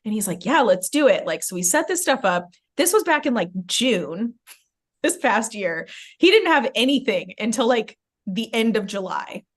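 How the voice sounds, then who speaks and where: A woman's voice: a little high, moderate pace. Chatty woman telling a story. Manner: animated, many "like" fillers, acts out quoted lines. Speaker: podcast host. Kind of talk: casual storytelling chat.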